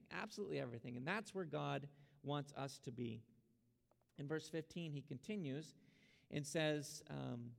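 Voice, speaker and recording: Pastor guy preaching, kinda gravelly, slightly high voice, long church echo. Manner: earnest preaching, urging and exhorting. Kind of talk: sermon. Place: church sanctuary. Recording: long hall reverb.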